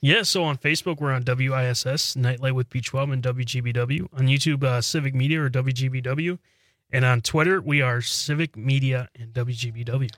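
A man co-hosts a radio show in easygoing banter, chuckling along. His voice sits at an ordinary middle pitch. The studio sound is dry and close. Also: steady tone, fairly quick, a bit bright, dry recording. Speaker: radio co-host.

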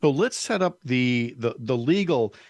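A male radio host whose voice is recorded very dry and close, with no room sound. He reads a scripted introduction and then asks his questions in a measured way, pausing and restarting now and then. His pitch sits in a middle range for a man. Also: lively intonation, no room sound.

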